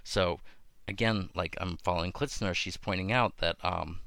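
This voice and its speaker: Man, low voice, gravelly, casual podcast talk, thinks aloud with fillers, dry close recording. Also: normal speed, fairly bright tone, no room sound. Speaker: podcast host. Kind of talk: casual talk on biblical texts.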